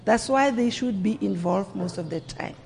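A woman's voice: medium pitch, moderate pace, creaky, a little mellow. A woman teacher answering earnestly on a panel, repeating words to stress her points. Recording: reverberant room with faint noise.

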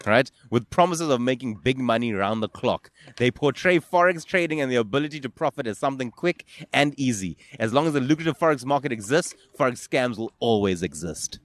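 A man's voice: mid-range voice, lively intonation, a little fast, few pauses, no echo. A South African man hosting a casual outdoor interview, teasing and joking, laughing often, on a handheld mic. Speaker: podcast host and stand-up comedian. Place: outdoors at a skate park. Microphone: handheld microphone.

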